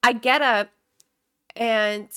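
A woman's voice: a little high, steady tone, extremely slow, a bit bright, clear, resonant tone, dry recording, studio quality. A woman telling funny family stories in casual chat, laughing often, swearing freely and acting out the voices she quotes.

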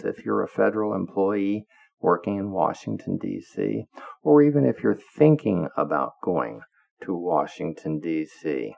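A man's voice: on the low side, gravelly, a little mellow. A man podcaster telling a blunt, profane workplace story in a candid monologue, laughing now and then. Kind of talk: anecdotal monologue. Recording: dull lo-fi audio.

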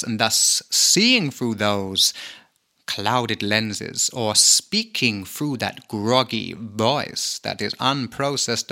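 A man's voice: medium pitch, gravelly, pushed and bright. A British man hosting a podcast, speaking in a theatrical spiritual monologue with a Cockney and Glaswegian mix in his accent, drawing out phrases and dropping teasing asides. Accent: mixed Cockney and Glaswegian Scottish. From Britain. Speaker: podcast host.

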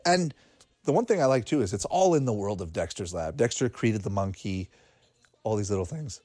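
A man's voice: on the low side, animated, moderate pace, a little mellow, no echo. A man chatting casually while watching a cartoon, laughing often and thinking aloud with fillers. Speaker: cartoon reaction commentator. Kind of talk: casual watch-along commentary.

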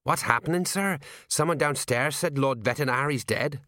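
A man's voice: mid-range voice, moderate pace, pushed and bright, dry recording, studio quality, voice pushed up, natural voice. A man doing a flustered old-school watch sergeant. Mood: alarmed. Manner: colloquial, easily alarmed. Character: flustered middle-aged male watch sergeant, plain-spoken.

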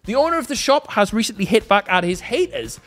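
A man's voice: sits high, big pitch swings, fast, fairly bright tone, a little hiss or hum. Sarcastic British man hosting comedy news. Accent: British English. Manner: sarcastic, jokey asides, swears. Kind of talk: scripted comedic news roundup.

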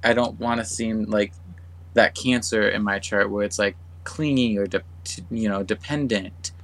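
A man talking casually on a podcast, rambling and trailing off as he thinks out loud. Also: lowish voice, moderate pace, rough recording. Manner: rambling, trails off and restarts, soft-spoken. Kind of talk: casual chat.

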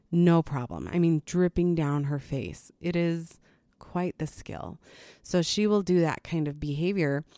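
A woman's voice: deep voice, darkish tone, no echo, clean studio sound. A woman, a parent, telling a casual story about her child, candid and laughing lightly now and then.

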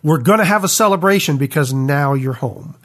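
A man with a husky voice in a casual faith conversation, reflective, thinking aloud with pauses and fillers. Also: fairly high pitch, expressive, a bit bright.

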